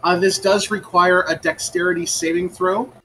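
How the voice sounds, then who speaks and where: High-voiced man running a tabletop game. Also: fairly even intonation, fairly bright tone, a little hiss or hum, low-quality recording. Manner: halting, with many ums and uhs. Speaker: game master.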